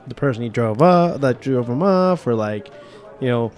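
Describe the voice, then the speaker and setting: A man's voice: mid-range voice, animated, normal speed, darkish tone. A man playing a tabletop game, speaking in character in a hesitant, fumbling way. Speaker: player. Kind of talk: in-character tabletop role-play.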